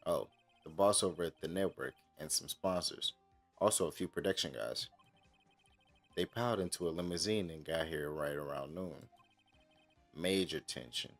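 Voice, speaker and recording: A man reading aloud as a brash, fast-talking male film director in a video game, with a deep, gravelly voice. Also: fairly bright tone, faint music behind, exaggerated voice. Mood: breezy.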